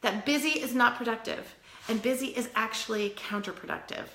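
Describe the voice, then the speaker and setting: A woman giving an earnest, tough-love motivational talk, chatty with quick asides. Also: fairly high pitch, sharp tone, roomy sound, a little hiss or hum. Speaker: wellness vlogger.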